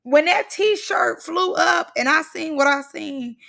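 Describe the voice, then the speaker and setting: A young woman giving sassy, slangy casual commentary on a reality show, animated and quick to joke. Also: high voice, gravelly.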